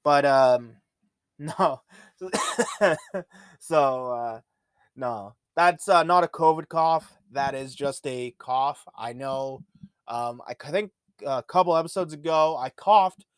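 A man's voice: fairly high pitch, animated, slow pace, clear, resonant tone, dry recording, clean studio sound. A man hosting a podcast, rambling through casual, profane stories in a laid-back way. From Ontario, Canada. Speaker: podcast host. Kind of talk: casual monologue.

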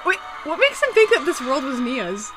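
A woman's voice: high-pitched, very animated, normal speed, over loud music. A young woman co-hosting a casual podcast, chatting and giggling playfully while watching a show. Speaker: podcast co-host. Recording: loud background noise.

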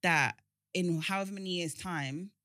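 A woman's voice: on the low side, moderate pace, pushed and bright, dry recording, studio quality. A woman, frankly telling a personal story and reassuring a friend in a casual chat. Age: 30s.

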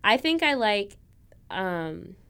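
A woman hosting a podcast in casual chat, enthusiastic and quick to laugh, a little husky from coffee. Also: mid-range voice, sing-song, pushed and bright. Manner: chatty, enthusiastic, laughs often. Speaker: podcast host.

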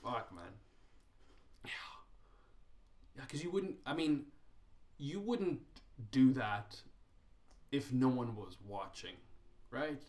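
A man's voice: mid-range voice, animated, slow pace, pauses often, darkish tone, roomy sound. A man talking casually on a podcast, loose and profane, rambling with restarts and fillers. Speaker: podcast host.

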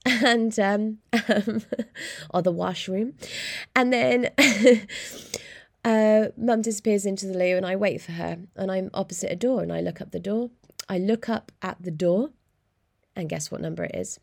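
A young woman hosting a solo podcast, chatting in an animated way and laughing often, talking from a small room. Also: medium pitch, gravelly, no echo, studio quality. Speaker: podcast host. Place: small room in hospital accommodation.

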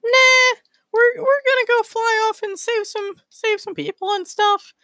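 A man's voice: very high voice, steady tone, measured pace, bright, forceful tone, dry recording, clean studio sound, voice pushed up, exaggerated voice. A man voicing a cocky, broke young male space squirrel who talks in a slangy, offhand way. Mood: breezy.

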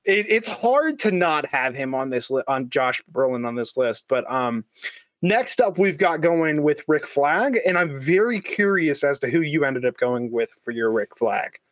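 A man with a slightly raised voice chats casually as a podcast co-host. He talks in halting bursts with plenty of restarts and fillers. The sound is dry and close. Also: on the high side, sing-song, no room sound. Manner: halting, many restarts and fillers, laughs often. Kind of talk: casual chat about movie casting.

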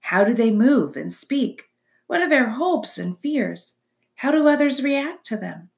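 A woman's voice: sits high, sing-song, measured pace, gravelly, pitched above the performer's own voice, full character voice. A woman voicing a chatty, theatrical female opossum who loves to perform, in a storybook reading. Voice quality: bright, gushing, theatrical.

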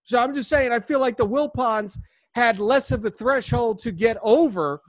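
A man hosting a sports podcast, chatting casually in an animated, rambling way full of restarts. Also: extremely high pitch, normal speed, dry recording. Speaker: podcast host.

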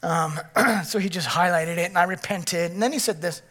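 Male pastor, sermon delivery: high, bright voice, storytelling with frequent "okay?" asides to the room. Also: moderate pace. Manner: animated storytelling with frequent "okay?" check-ins.

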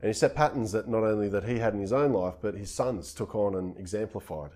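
A male preacher with a slightly low voice gives a relaxed, conversational sermon. He retells the scripture passage informally, in plain everyday speech, as if chatting with his congregation. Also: fast talker.

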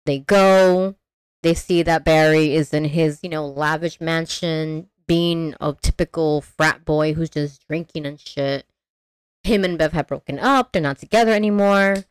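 Low-voiced woman recapping a movie. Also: measured pace, clean tone, no echo. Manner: animated storytelling, swears freely, acts out characters. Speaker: podcast host. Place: remote call.

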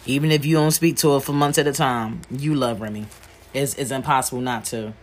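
Speaking briskly in a steady tone, a woman hosts her podcast with candid, rambling talk full of slang and restarts. When the subject turns to grief, she goes low and soft.

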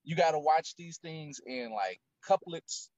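A man's voice: on the high side, animated, a little slow, darkish tone, no room sound. A man co-hosting a podcast in casual, laid-back chat with rambling asides. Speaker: podcast co-host. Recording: dull dry lo-fi mic.

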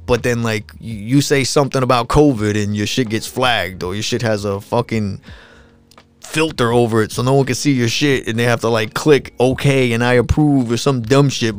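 A man hosting a solo podcast, ranting in a casual, profane, animated way and mocking people with put-on voices. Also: mid-range voice, smooth. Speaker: podcast host.

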